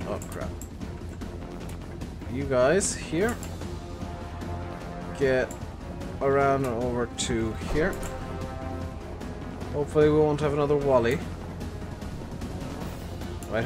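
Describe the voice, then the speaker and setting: Excitable man yelling at units. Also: a little high, slow, pauses often, music in the background. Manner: bossy, swearing at his units. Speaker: game streamer. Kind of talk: live gameplay commentary.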